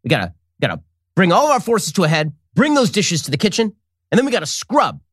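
A man's voice: sits high, wildly swooping pitch, fast talker, fairly bright tone, slightly rough, no echo, studio quality, voice pushed up, heavily acted. A man voicing a blustery middle-aged male strategist who barks everything as militaristic war talk. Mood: blustering. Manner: barking, militaristic, overblown.

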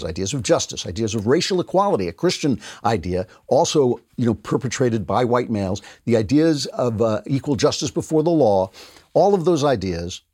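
A middle-aged man holds forth on his podcast in a sarcastic commentary monologue, his pitch swinging widely as he mocks the other side. His voice is slightly husky, and the studio sound is close and dry. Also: darkish tone, dry recording. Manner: sarcastic, mocking quotes of opponents. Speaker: podcast host.

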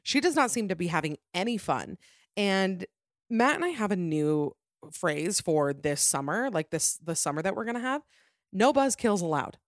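A young woman hosting a podcast, chatting casually and gossipy with quick self-mocking asides. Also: on the low side, sing-song, no room sound, clean studio sound. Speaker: podcast host. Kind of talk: casual chat.

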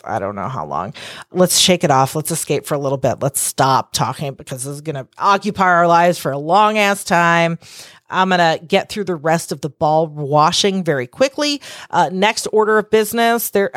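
A woman's voice: fairly low pitch, no echo, clean studio sound. A woman hosting her own podcast, talking casually and candidly on her own, swearing freely and rambling through asides. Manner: candid, profane, rambling with asides and acted-out quotes. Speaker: podcast host. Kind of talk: casual solo podcast monologue.

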